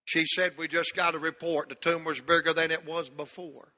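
High, bright-voiced preacher. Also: male voice, flat delivery. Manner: folksy storytelling, preaching with drawn-out emphasis. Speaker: pastor. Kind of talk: sermon. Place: church sanctuary. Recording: long church hall reverb.

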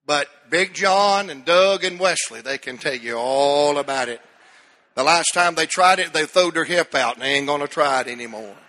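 A man's voice: a little high, normal speed, bright, forceful tone, in a large hall. A man preaching a sermon, telling a folksy story and building to fervent exhortation.

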